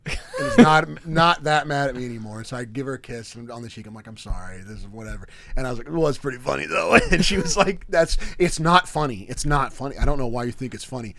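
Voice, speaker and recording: With a crowd audible in the background, a podcast co-host in his thirties talks fast in a mid-range voice with vocal fry. He tells stories animatedly during casual chat, laughing often mid-sentence.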